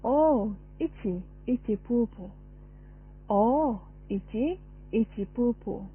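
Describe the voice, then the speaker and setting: A woman putting on a doting adult who coos baby talk in a high, sing-song way. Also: animated, slow, breathy edge, full character voice. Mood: cooing. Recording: phone-like narrow sound.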